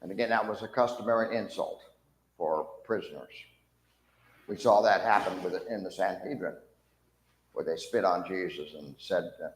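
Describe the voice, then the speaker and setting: A man's voice: deep voice, normal speed. A man leading a church Bible class, questioning the class and acting out the lines of the people in the story he teaches. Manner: animated, acts out mocking soldiers' voices, asks the class questions. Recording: echoey room with long reverb.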